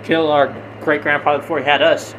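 A young man with a slightly higher voice, thinking aloud in a relaxed podcast chat with his brother, pausing on "uh" and "like" as he works ideas out. The recording carries a clear noise bed, with an air conditioner humming behind him. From Hispanic family, grew up in the US. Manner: musing, hesitant with fillers. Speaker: podcast co-host. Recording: noisy home recording.

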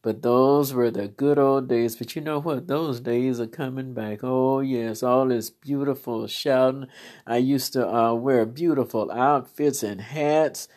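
A woman's voice: rumbling low, unhurried, a little mellow. A woman minister telling stories from church life in a fervent, storytelling testimony, exclaiming praise now and then.

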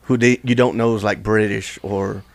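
A laid-back man chats and swears with friends. His voice is gravelly with fry. The sound is dry and close. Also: on the low side, fairly even intonation, normal speed, no room sound. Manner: curious, profane, laid-back. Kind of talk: casual chat.

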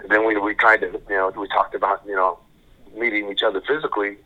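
A man's voice: on the low side, little pitch movement, pushed and bright. Older man on a tinny phone line. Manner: halting, repeats words and restarts. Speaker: guest. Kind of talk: casual storytelling.

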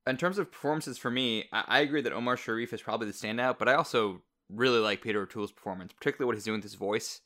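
A man's voice: medium pitch, rapid-fire, hardly any pauses, bright, forceful tone. A man co-hosting a podcast who shares his view of a film in an earnest, casual way.

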